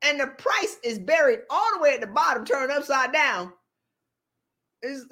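The speaker is a woman whose voice sits high, talking at a moderate pace in a streamed live motivational session. She lectures with energy, jokes around, and plays out little dialogue scenes as asides.

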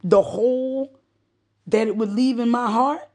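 A woman's voice: a little high, unhurried, a little mellow. A middle-aged woman giving a heartfelt monologue, with emphatic, repeated phrases and moments of choking up. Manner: emotional, choking up.

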